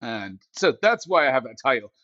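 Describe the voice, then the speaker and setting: A man's voice: medium pitch, brisk, dull audio, a little hiss or hum. A man talking as a guest on a podcast, telling stories with jokes and asides, heard through a mic built into his glasses. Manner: joking, animated storytelling with asides. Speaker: podcast guest, company CEO. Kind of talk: casual podcast chat. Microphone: headset mic built into glasses.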